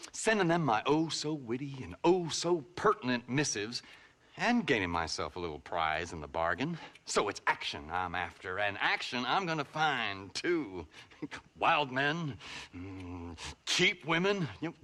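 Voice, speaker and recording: An actor playing a foppish, giggly writer from back east who talks flamboyantly and theatrically. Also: male voice, mid-range voice, very animated, measured pace, bright, forceful tone. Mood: giddy.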